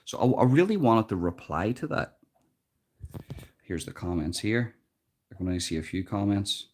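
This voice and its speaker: Speaking in a low, somewhat sing-song, slightly mellow voice at a moderate pace, this Irish live streamer gives earnest, emphatic commentary. He frequently repeats words while thinking, and there's no proper microphone, just the device's built-in one.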